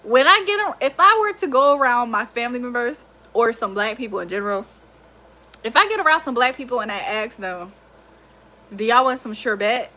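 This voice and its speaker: Bright, high-voiced woman chatting on a livestream. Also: a little fast. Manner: animated, laughing often, swearing freely. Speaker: livestream host. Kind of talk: casual livestream chat.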